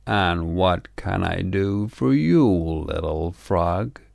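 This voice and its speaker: A man's voice: deep voice, drawn-out words, creaky, a little mellow, no room sound, clean studio sound, exaggerated voice. A man doing an old bearded mountain sage. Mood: calm. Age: older. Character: very old long-bearded hermit man, calm.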